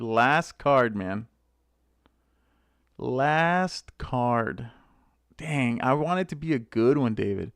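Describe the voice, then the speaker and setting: A man hosting a casual live stream, chatting excitedly to viewers by name as he opens card packs. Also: a little high, takes it slowly, clean tone, no room sound. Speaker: channel host opening card packs.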